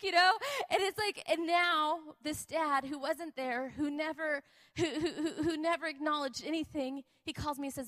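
A woman preacher and missionary telling a personal testimony in an emphatic, repetitive, animated way. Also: high-pitched, moderate pace. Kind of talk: testimony sermon.

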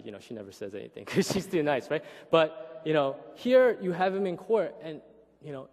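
A young male pastor in his 30s, of Korean heritage, delivers a conversational sermon in an animated, mid-range voice with hall reverb. He keeps asking "right?" and acts out voices.

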